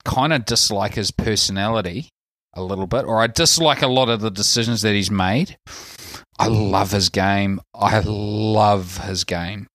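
A man's voice: fairly low pitch, dry recording, studio quality. A man with a New Zealand accent, co-hosting a casual sports podcast and rambling loosely with lots of fillers. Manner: relaxed rambling with many fillers. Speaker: podcast co-host. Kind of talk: casual chat.

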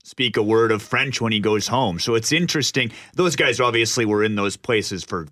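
Bright-voiced joking male co-host. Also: lowish voice, normal speed. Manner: joking, chatty. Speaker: radio co-host. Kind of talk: casual studio chat.

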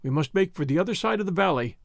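Jailer: scheming, quiet-spoken, storybook reading by a male narrator, close dry mic. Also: high voice, animated, creaky, no room sound. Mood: guarded. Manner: quiet and measured.

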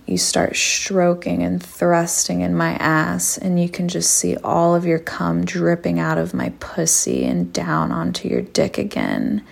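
Female host, low gravelly fry, very slow and hushed, sultry erotic storytelling. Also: animated. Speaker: podcast host.

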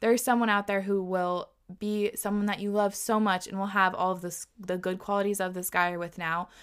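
A woman's voice: mid-range voice, steady tone, fairly quick, clean tone. A young woman reading follower messages aloud and giving earnest, heated relationship advice. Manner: earnest, gets heated, repeats pleas.

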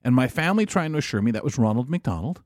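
Earnest halting man co-hosting a chat. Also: mid-range voice, big pitch swings, dry recording, clean studio sound. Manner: earnest, halting, repeats words at starts. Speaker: co-host. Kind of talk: casual chat.

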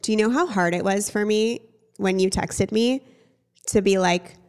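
A young woman co-hosting a casual podcast, talking at an ordinary middle pitch. She is blunt and teasing with her sister and swears without a second thought. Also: normal speed. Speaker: podcast co-host. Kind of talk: casual chat.

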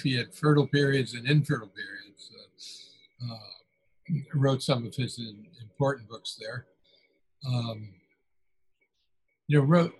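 A man's voice: medium pitch, low-quality recording. An older man, an author being interviewed, telling anecdotes in a chatty way, chuckling and restarting his sentences. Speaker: author guest. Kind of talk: conversational interview.

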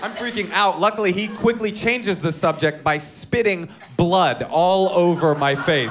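A man from Oakland telling a story in stand-up, animated and self-mocking, acting out his own panicked lines. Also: high voice, measured pace, few pauses, background noise. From Oakland, California. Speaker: stand-up comedian. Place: live comedy venue with an audience.

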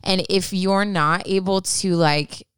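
A woman's voice: mid-range voice, steady tone, takes it slowly, fairly bright tone, smooth, no echo, studio quality. A woman co-hosting a casual advice podcast, talking in a chatty, reassuring way with many fillers. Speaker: podcast co-host giving advice.

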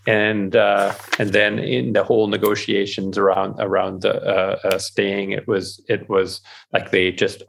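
A man, an author being interviewed, talking in a casual podcast conversation, animated and full of restarts, acting out quoted voices. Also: lowish voice, gravelly. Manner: animated, repeats and restarts words, acts out quoted inner voices. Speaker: author guest.

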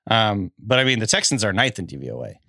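Bright-voiced man, hedging podcast chat. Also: lowish voice, big pitch swings, fast, gravelly, no echo, studio quality. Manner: hesitant, hedging, laughs often. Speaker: podcast co-host. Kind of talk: casual sports chat.

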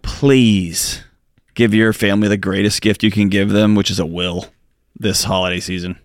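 A man's voice: lowish voice, little pitch movement, brisk, no room sound. A man co-hosts a studio advice show. He speaks earnestly and hammers home his points, then slips into joking banter. His voice sits close and dry on the mic, with no room sound. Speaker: radio show co-host. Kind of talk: advice talk show chat.

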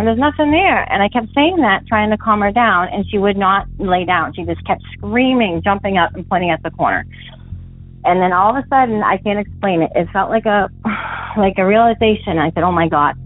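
A young woman calling in to tell a paranormal story, rambling with many fillers and rising high when she recalls the panic. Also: dry recording. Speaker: caller telling a paranormal story. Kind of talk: voicemail story, casual telling. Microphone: phone. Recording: tinny phone line, dry.

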